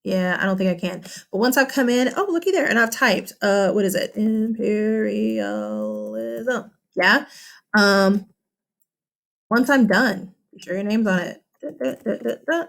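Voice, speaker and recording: A woman's voice: mid-range voice, animated, moderate pace, fairly bright tone. A woman teacher talking through a vocabulary lesson in a casual, chatty way, with many fillers and tag questions. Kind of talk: recorded classroom lesson.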